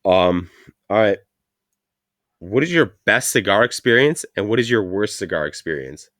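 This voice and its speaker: A man's voice: lowish voice, animated, moderate pace, fairly bright tone, no echo, studio quality. A Canadian man hosting a casual chat, joking and swearing freely. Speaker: podcast host.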